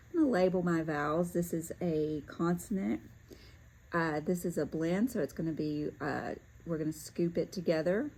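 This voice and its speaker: A woman teaching a lesson, talking through each step calmly as she works, with occasional fillers and self-corrections. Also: fairly low pitch, vocal fry, breathy edge, rough recording. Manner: talks to herself while working through steps, with fillers. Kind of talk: step-by-step classroom demonstration.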